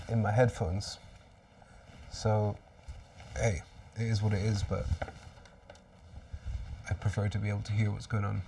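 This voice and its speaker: A man's voice: on the low side, darkish tone, recorded from a distance. A man hosting a live fan watchalong stream, commentating on the match with exasperated outbursts and resigned muttering.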